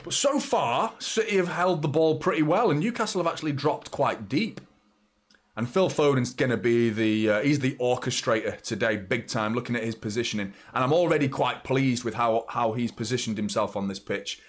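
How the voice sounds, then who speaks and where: English man, young, casual live football chat, rambling, talks to viewers, mid-pitched voice. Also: moderate pace. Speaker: football watchalong host.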